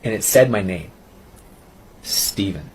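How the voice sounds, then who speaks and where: A man telling his personal faith testimony in an earnest, intense way, pausing and restarting as he recounts it. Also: sits low, animated, a little mellow, a little hiss or hum. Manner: earnest, intense storytelling with halting pauses. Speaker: testimony speaker.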